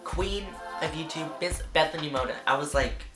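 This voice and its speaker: A young man telling a rambling, excitable storytime vlog, full of "like" and acted-out reactions. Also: on the high side, normal speed. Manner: chatty, rambling, fillers of "like" throughout; excitable, acts out reactions in quoted voices. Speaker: vlogger. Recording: roomy echo with background music.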